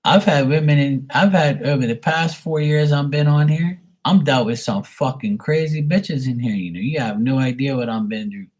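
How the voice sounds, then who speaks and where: A man's voice: mid-range voice, normal speed, hardly any pauses. A man chatting casually with viewers on his live tarot stream, blunt and swearing freely.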